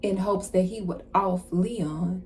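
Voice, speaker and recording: A woman card reader giving a casual channeled message, retelling a story in an animated way with slang and asides. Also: fairly low pitch, slow pace, a little hiss or hum.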